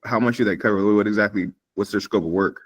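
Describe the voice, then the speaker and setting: A man's voice: on the low side, fairly even intonation, quick pace. A man asking questions as a trainee on a live video call, hesitant and full of fillers.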